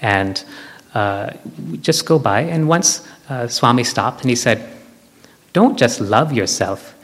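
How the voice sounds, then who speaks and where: A man giving a devotional talk to an audience, animated, leading them in group chants. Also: mid-range voice, slow. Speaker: spiritual speaker. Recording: hall with long reverb.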